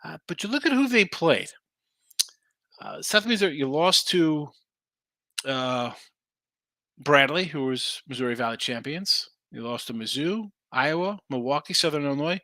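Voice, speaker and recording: A man's voice: on the high side, animated, normal speed, bright, forceful tone, no echo, studio quality. A man hosting a sports betting show, casually running through picks and answering viewers. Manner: loose, rambling, answers chat comments. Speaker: sports betting podcast host.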